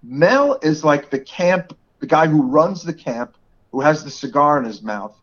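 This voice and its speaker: A man's voice: a little high, animated, measured pace, a bit bright. A man in his forties with a New York area accent, co-hosting a podcast in casual chat and laughing often. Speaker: podcast co-host. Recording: dull lo-fi podcast audio.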